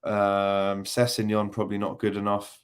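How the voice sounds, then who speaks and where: This young football livestream host chats through viewer comments with teasing jokes and plenty of ums. His clean-toned voice is on the low side and monotone, at a moderate pace.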